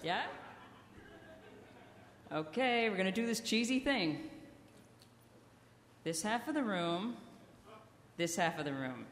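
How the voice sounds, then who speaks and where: Slow and full of long pauses, this singer's medium-pitched voice still has lively intonation as she jokes with and coaxes her live audience between songs. Her stage-mic banter rings through an echoey concert hall alongside music.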